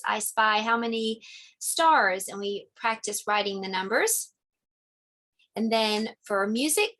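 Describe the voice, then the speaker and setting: A woman's voice: mid-range voice, sharp tone. A woman casually walking through preschool lesson ideas, chatty and explaining step by step. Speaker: teacher sharing lesson ideas. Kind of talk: casual instructional vlog.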